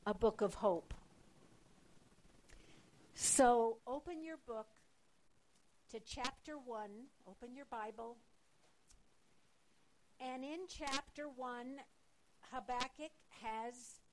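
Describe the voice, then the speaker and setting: A woman preaching a sermon as a Bible teacher, slow and emphatic with rising urgency. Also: fairly high pitch, darkish tone, poor audio.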